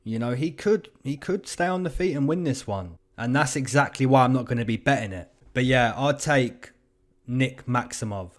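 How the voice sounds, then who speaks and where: A man's voice: mid-range voice, moderate pace. Young guy chatting his fight picks and odds, slangy, says man and you know a lot. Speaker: betting and fight-prediction host. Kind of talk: casual commentary.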